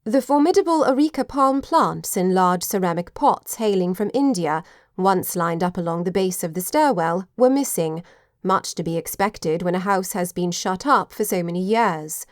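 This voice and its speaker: A woman reading an audiobook in a measured storytelling voice. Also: fairly low pitch, animated, no echo, studio quality. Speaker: audiobook narrator. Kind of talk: scripted narration.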